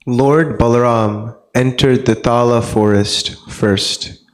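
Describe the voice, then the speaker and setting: Slow, deliberate man reading scripture. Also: medium pitch, fairly even intonation, low-quality recording. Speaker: reader of scripture translation.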